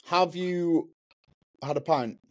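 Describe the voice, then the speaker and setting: A man co-hosts a casual podcast and teases his friend, calling him mate. His voice sits a little high for a man. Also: slow pace. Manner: teasing, says "mate" a lot. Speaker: podcast co-host. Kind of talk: casual chat.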